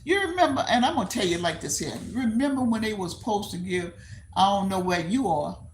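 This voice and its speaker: This older woman from Texas talks with live viewers in a Texan accent, rambling and repeating herself, laughing often and answering comments aloud as she hosts her stream. Her mid-range voice is expressive and a little fast, with a little hiss or hum.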